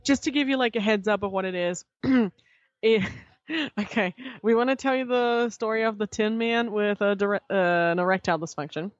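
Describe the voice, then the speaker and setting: A woman guest on a podcast, telling a story in casual chat, animated and swearing freely as she acts out what others said. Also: mid-range voice, moderate pace, dry recording, lo-fi sound.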